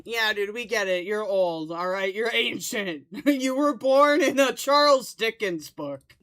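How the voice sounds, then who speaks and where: A woman's voice: mid-range voice, animated, measured pace, a bit bright. A woman in her thirties hosting a stream, chatting casually in a profane, rambling, teasing way. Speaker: streamer host. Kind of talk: casual chat.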